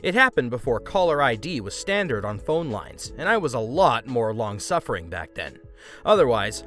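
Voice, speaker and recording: A man's voice: medium pitch, fairly bright tone. A man narrating a story aloud in a wry storytelling manner. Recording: faint background music.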